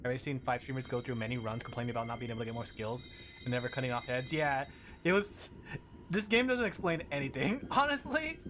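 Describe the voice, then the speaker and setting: A man's voice: medium pitch, lively intonation, quick pace, fairly bright tone, a little hiss or hum. A man streaming a game, chatting casually with his viewers and laughing often as he plays. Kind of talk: casual gaming commentary.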